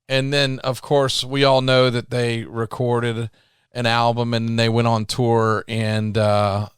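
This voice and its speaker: A man's voice: medium pitch, level tone, slow pace, clear, resonant tone, no room sound, clean studio sound. A man hosting an interview in a laid-back, casually profane way. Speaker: host.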